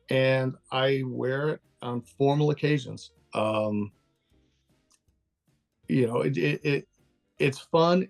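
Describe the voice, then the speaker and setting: An older man from Texas, USA, with a slightly high, creaky voice, is a guest in a casual interview over a call. He talks candidly and laughs easily.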